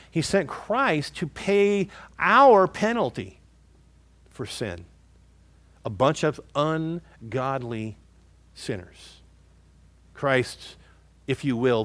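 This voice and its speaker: A man's voice: fairly high pitch, a bit bright, dry recording. A man preaching a sermon as a pastor, stressing key words and calling his listeners folks.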